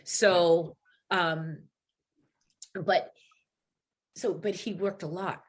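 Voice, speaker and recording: Husky woman in a candid chat. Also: fairly low pitch, extremely slow. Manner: candid, animated, laughs easily. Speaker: guest. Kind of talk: casual interview chat.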